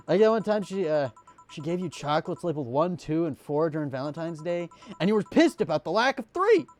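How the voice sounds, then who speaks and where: A streamer reading game dialogue aloud, stumbling and restarting now and then. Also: male voice, fairly high pitch, darkish tone.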